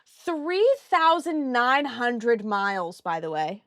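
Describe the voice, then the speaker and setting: Lively high-voiced woman streamer chatting. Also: slow, no room sound, studio quality. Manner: giggly, swears casually, talks to chat. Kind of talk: casual live-stream chat while coloring.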